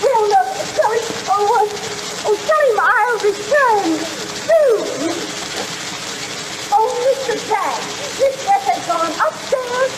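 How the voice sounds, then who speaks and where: A fluttery, demure young woman, very high, singsong and slow, forever breathing out little "oh"s. The voice comes through the loud hiss of a scratchy 1913 film soundtrack. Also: lively intonation, heavily acted. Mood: flustered. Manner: fluttery, breathy stage delivery full of little "oh"s. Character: polite young maid and a demure young sweetheart. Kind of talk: 1913 silent-era stage acting.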